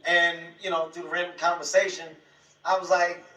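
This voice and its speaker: Excitable male comedian, high voice, distant noisy recording. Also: a little fast. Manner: excitable, laughing storytelling. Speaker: comedian guest. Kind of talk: talk show anecdote. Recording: echoey and distant with loud noise.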